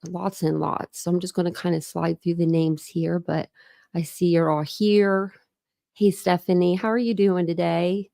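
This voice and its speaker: A woman's voice: on the low side, steady tone, normal speed, gravelly, warm tone, no room sound, studio quality. A woman hosting a casual livestream from home, chatty and apologetic, greeting viewers by name. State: a little out of breath. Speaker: livestream host. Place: home room with dogs.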